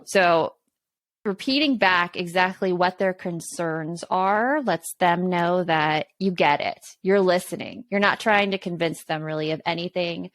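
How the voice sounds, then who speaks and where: A woman's voice: lowish voice, a little slow, no echo. A woman co-hosting a casual parenting podcast, explaining earnestly with examples from her own home. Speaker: podcast co-host.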